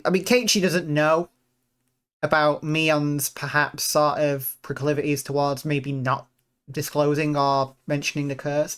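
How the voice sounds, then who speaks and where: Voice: medium pitch, low-quality recording. Profane, groaning visual novel streamer. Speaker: game streamer. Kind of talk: let's play commentary on a visual novel.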